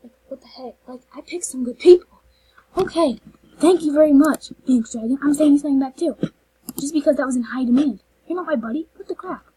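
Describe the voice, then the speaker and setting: A woman hosting a casual game vlog, talking over her screen, gushing and excitable, saying "like" and "literally" a lot, with sudden whispered asides. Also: sits high, fast talker, slight background noise, poor audio. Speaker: channel host.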